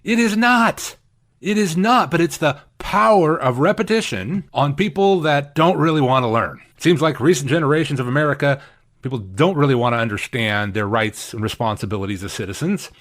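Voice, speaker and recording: A pastor preaching a sermon in a fairly high male voice. He speaks emphatically, with big swings in pitch and loudness. He acts out the people he quotes in voices of their own. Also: animated, fairly quick.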